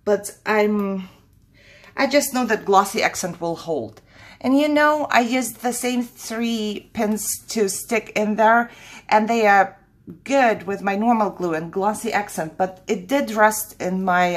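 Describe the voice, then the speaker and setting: A woman's voice: mid-range voice, unhurried. A middle-aged woman hosting a casual craft tutorial at home, chatting, laughing often and second-guessing herself. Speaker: crafting channel host.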